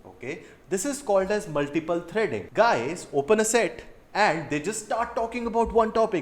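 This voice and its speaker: Blunt, swearing Indian English dating coach. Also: male voice, sits high, lively intonation, moderate pace, hardly any pauses, echoey room. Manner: blunt, profane and emphatic, repeating key phrases. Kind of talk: coaching commentary over field footage.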